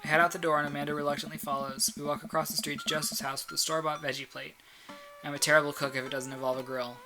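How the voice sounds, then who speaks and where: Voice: mid-range voice, flat delivery, racing, over music, rough recording. A game streamer reading a visual novel aloud with chatty asides.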